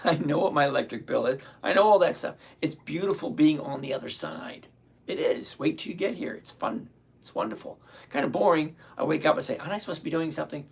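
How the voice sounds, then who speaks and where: A hoarse man in his sixties hosts a live stream, walking viewers through trades in a chatty, upbeat way. His voice sits a bit high, with gravel and a husky edge as it wears out. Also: lively intonation, a little fast, a little mellow. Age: 60s. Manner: chatty, upbeat, explains step by step. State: hoarse, voice giving out. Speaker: livestream host.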